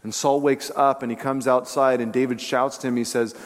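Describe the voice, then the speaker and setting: A man preaching a sermon, telling stories with animation and dropping to a hushed voice for emphasis. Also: medium pitch, fairly quick. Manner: animated storytelling, drops to hushed tones for emphasis. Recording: long hall reverb.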